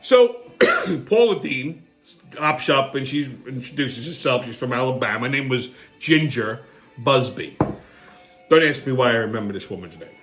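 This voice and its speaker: A man hosting his own show, telling a story as a comedic monologue, profane and sarcastic, swinging between low muttering and excited outbursts. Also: moderate pace, soft background music. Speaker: host.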